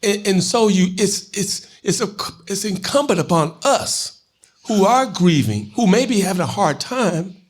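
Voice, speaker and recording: A man's voice: high-pitched, big pitch swings, a little slow, breathy edge. A man co-hosting a live talk show, earnest and reassuring in loose casual speech. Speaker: co-host.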